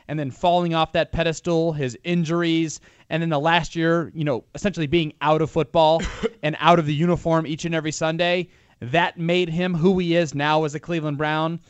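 A man's voice: a little high, smooth, no room sound, dull audio. A man co-hosting a sports talk show, analyzing a football team in a rambling, opinionated way with frequent restarts. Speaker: sports radio co-host.

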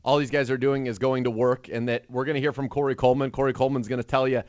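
A man's voice: medium pitch, little pitch movement, fast, darkish tone, smooth, no room sound. Male sports radio host, dull dry sound. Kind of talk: casual sports talk.

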